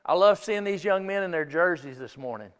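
A man preaching a sermon as pastor, telling stories in an animated way, acting out quotes and laughing along. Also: high voice, brisk, clear, resonant tone, in a large hall. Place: church sanctuary.

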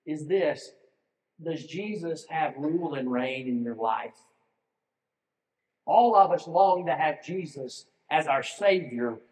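Male pastor, high-pitched, earnest sermon delivery, reverberant church hall sound. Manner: earnest, asks the listeners direct questions. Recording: echoey hall with long reverb.

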